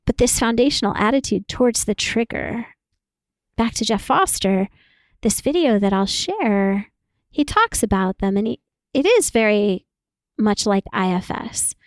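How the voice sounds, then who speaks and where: A woman therapist talking casually as a podcast guest, animated, acting out quoted voices and laughing often. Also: medium pitch, unhurried, no room sound.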